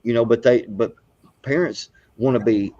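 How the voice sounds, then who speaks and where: Speaking at a moderate pace in a dark, mid-range tone, this middle-aged podcast host runs a laid-back live talk show. He wanders through his points, restarting often and filling gaps with filler words. The recording is dry, yet dull and muffled.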